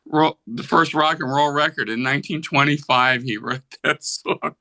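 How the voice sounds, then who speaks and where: A man's voice: fairly high pitch, moderate pace, creaky, bright, forceful tone, poor audio. A man in his seventies from Pennsylvania, a guest musician telling rambling anecdotes in a casual interview. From Pennsylvania, USA. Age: 70s. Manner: rambling anecdotes, acts out voices in quotes.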